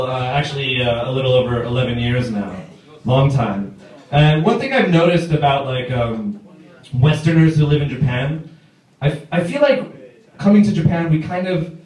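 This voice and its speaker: Chatty stand-up comic in an echoey pub. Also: male voice, mid-range voice, a little mellow. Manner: chatty, hesitant with fillers. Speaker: stand-up comedian. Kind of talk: stand-up set. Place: small pub stage. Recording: echoey pub room, mic far off.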